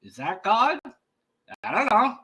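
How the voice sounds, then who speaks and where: A man's voice: sits high, very animated, slow pace, bright, forceful tone, slightly rough, poor audio. A man talking casually to camera in a vlog, rambling with many fillers and restarts. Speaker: YouTuber.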